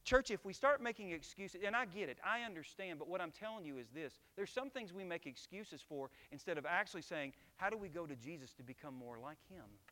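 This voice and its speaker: Bright-voiced pastor preaching emphatically. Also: male voice, a little high, expressive, brisk, hardly any pauses. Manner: emphatic preaching with rhetorical questions to the congregation. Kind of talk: sermon.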